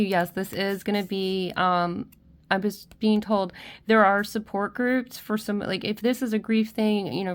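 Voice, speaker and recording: A tearful woman, crying at times, gives a spiritual pick-a-card tarot reading addressed to viewers. She is gentle and emotional, restarting often and checking in with "okay?", in a smooth, medium-pitched voice.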